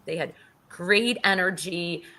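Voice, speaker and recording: A woman's voice: lowish voice, slow, sharp tone. A middle-aged woman speaking as an interview guest, telling a personal story with casual swearing and acted-out quotes.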